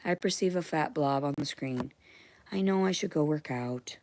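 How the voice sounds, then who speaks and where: Blunt, swearing young woman with low voice. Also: moderate pace, a little hiss or hum. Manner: emotional, swinging between loud outbursts and quiet whispers; profane, blunt. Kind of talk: rambling monologue to unseen listeners.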